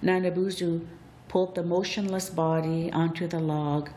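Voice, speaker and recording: A woman telling a legend as a storybook narration, with deliberate, expressive, drawn-out phrasing. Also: fairly low pitch.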